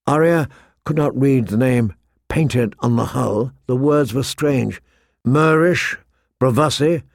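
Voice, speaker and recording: A man narrating a fantasy audiobook in a steady, measured storytelling voice. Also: medium pitch, creaky, no echo, studio quality.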